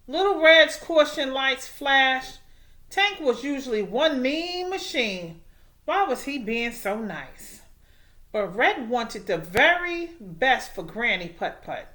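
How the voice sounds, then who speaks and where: A woman teacher reading a storybook aloud, with expressive, animated storytelling. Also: sits high, takes it slowly.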